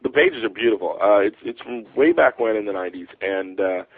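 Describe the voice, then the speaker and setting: Halting American man on a phone line. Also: fairly low pitch, animated. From United States. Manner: rambling, halting with many fillers and restarts. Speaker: comic book writer guest. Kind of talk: casual interview chat.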